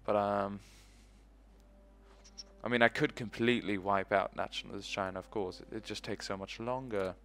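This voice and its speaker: A man's voice: lowish voice, fairly even intonation, normal speed, gravelly, long pauses, fairly bright tone, a little hiss or hum. A young man commentating his own strategy game playthrough, rambling and swearing often. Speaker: let's play host. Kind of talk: gaming commentary.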